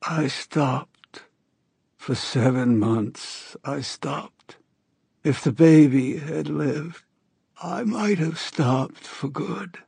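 Guy putting on a high hoarse old lady, dying, wheezy, slow and breathy, dry booth. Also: a little mellow, no room sound, exaggerated voice. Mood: weary, rueful. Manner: faltering, halting speech. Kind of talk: audiobook character voice.

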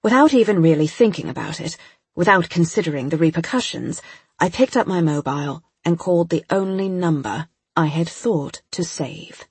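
A woman's voice: fairly low pitch, animated, normal speed, darkish tone, slightly rough, no echo. A woman narrating a first-person audiobook in a tense, urgent manner.

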